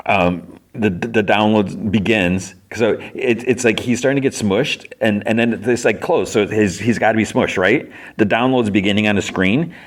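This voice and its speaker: A man hosting a podcast, casually retelling an episode scene by scene and briefly acting out characters' lines. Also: lowish voice. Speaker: podcast host.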